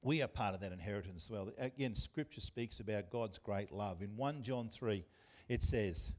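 A man's voice: fairly low pitch, moderate pace, a little mellow. A man with an Australian accent preaching a sermon as pastor, talking conversationally and putting questions to the congregation. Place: church.

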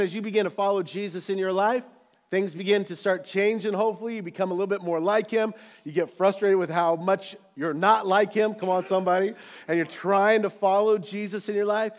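A pastor with a high, bright voice preaches a sermon in a church auditorium, rising into loud, animated calls to the congregation before settling into relaxed, chatty storytelling. His delivery is lively and rhythmic.

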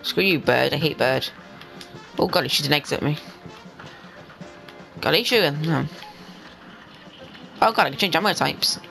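A young man giving excitable let's-play commentary, talking to the game and to his viewers and bursting into yells. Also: a little high, normal speed, vocal fry, pauses often, faint music behind, rough recording. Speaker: gaming channel host.

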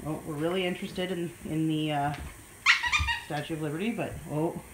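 A woman's voice: low-pitched, steady tone, normal speed, roomy sound, very noisy. A young adult woman chatting to her dog in sing-song baby talk, gasping with delight as she unboxes at home. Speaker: vlogger. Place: home room.

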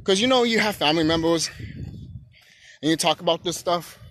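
A man ranting on his own channel in a loose, profane monologue. His voice keeps swinging into emphatic shouting. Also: on the high side, brisk, no room sound. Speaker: YouTube channel host.

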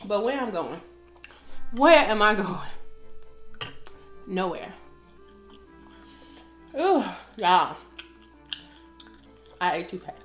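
A middle-aged woman with a mid-range voice who eats on camera and chats to her viewers between bites, humming and sighing over the food. Faint music plays softly behind her. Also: medium pitch, big pitch swings, drawn-out words, pauses often, reverberant. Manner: chatty, talks to viewers while eating, lots of mm sounds. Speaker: mukbang host. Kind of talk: casual eating chat.

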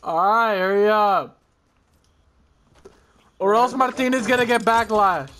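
A man's voice: high-pitched, a little slow, fairly bright tone, a little hiss or hum. Young man bantering over gaming chat. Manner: bantering, swears a lot, hurries friends along. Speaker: gamer in voice chat.

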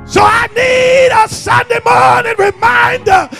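An older man preaching a fiery church sermon, shouting and laughing as he urges the congregation to answer him. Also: very high voice, fairly even intonation, a little slow, gravelly, faint music behind. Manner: shouting, urging the congregation with call-and-response and frequent laughs. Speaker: pastor. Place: church sanctuary.

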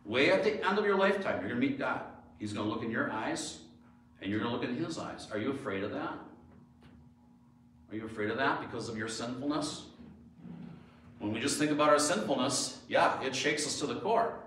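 A man's voice: medium pitch, lively intonation, fairly quick, long pauses, a bit bright, a little hiss or hum. Male pastor, sermon, storytelling and emphatic questions; very echoey, distant mic. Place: church sanctuary. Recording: echoey church from far off.

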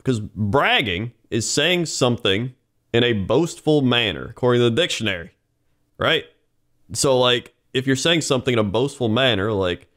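A man's voice: medium pitch, expressive, moderate pace, fairly bright tone. A young man co-hosting a podcast, reading an article aloud and mocking it with frequent laughs. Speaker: podcast co-host. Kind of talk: casual chat.

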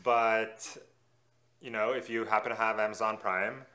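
A man's voice: on the low side, little pitch movement, unhurried, pushed and bright. A man co-hosting a casual chat, speaking in an easygoing way and offering friendly advice. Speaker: co-host.

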